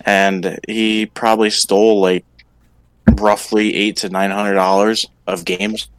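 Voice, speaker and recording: A man with a low voice tells a grievance bluntly and swears a lot. The sound is dry and close, with no room around it. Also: flat delivery, slow, clear, resonant tone, no echo, rough recording. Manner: blunt, aggrieved storytelling with frequent swearing. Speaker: streamer. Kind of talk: casual chat.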